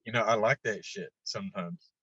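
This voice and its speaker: A man chatting casually as a podcast guest, laid-back, swearing freely and getting lively when he tells stories. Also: fairly low pitch, brisk, husky, dry recording, dull audio. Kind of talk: casual chat.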